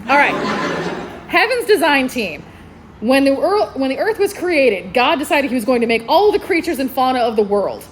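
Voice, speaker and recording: A woman's voice: high voice, sing-song, a little fast, few pauses, slight background noise. Gushing, giggly woman librarian. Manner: gushing, enthusiastic, laughs often. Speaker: librarian presenting book picks. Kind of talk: convention panel talk. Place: convention panel room.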